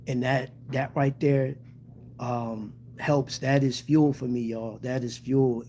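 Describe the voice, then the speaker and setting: A man's voice: mid-range voice, a little mellow, a little hiss or hum. A man hosting a casual livestream who talks to his viewers in a heartfelt, grateful way and often stops and restarts his sentences. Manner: halting, with many restarts and fillers. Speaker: channel host.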